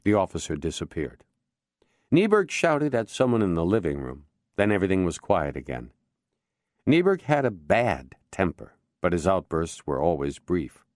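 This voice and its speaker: A man giving measured, expressive scripted narration of a crime novel audiobook. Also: low voice, no room sound, clean studio sound.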